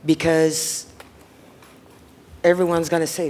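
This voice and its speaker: A woman's voice: low voice, unhurried, slight background noise. Blunt swearing woman. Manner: blunt, swears often, emotional. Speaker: panelist. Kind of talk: casual panel talk.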